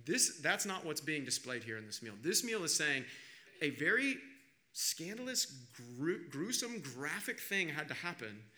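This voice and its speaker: Male pastor, brilliant ringing tone, emphatic preaching, loud then hushed. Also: on the high side, very animated, unhurried. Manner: emphatic, swings between loud urgency and hushed appeals. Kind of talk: sermon.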